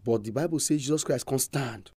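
A man's voice: mid-range voice, a little fast, a little mellow, husky, no room sound, studio quality. A man with a Nigerian accent, preaching an emphatic, repetitive sermon as a pastor.

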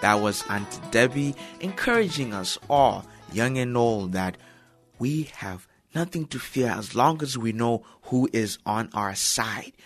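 A man's voice: mid-range voice, animated, unhurried, fairly bright tone, faint music behind. A man hosting a radio program, addressing listeners in a friendly, direct way. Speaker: radio host.

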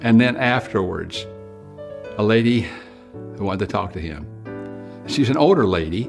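A man's voice: fairly low pitch, animated, moderate pace, gravelly. An older man preaching an evangelistic sermon, with earnest, pleading appeals to the listener. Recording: music playing behind.

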